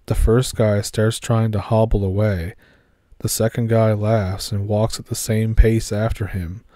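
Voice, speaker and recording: A man narrating a horror story in a steady, measured way. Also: lowish voice, dry recording, clean studio sound.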